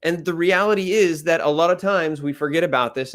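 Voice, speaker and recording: A man giving an energetic talk on pitching, loud and animated, deliberately shifting his speed, volume and pitch to make points. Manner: animated, plays with speed, loudness and pitch for emphasis. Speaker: speaker coaching on pitching. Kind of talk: energetic presentation coaching.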